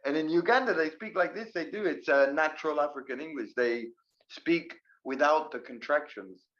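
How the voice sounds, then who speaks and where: A man teaching English in a live online class, explaining grammar with lively examples. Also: a little high, normal speed, lo-fi sound.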